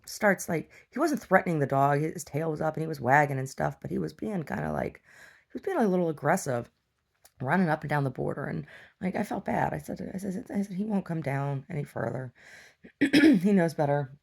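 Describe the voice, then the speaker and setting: A woman's voice: low voice, very animated, a little fast, creaky, husky. A woman talking casually in a rambling video diary, chatty and meandering, with frequent restarts. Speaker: video diarist.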